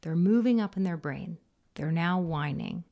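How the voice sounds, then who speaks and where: A woman giving parenting advice in casual conversation, animated and often acting out soft, low quoted voices. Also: moderate pace, vocal fry. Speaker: parenting expert.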